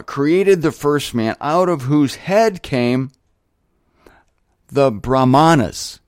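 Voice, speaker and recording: A man's voice: mid-range voice, no echo. Guy hosting his own show, chatty and jokey, dry sound. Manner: chatty, joking asides. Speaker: host. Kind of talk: casual monologue on religion.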